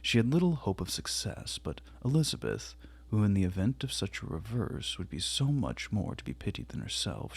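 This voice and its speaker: A man reading a classic novel aloud in a measured, quiet way, with a gravelly, husky voice. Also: lowish voice. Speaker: audiobook reader.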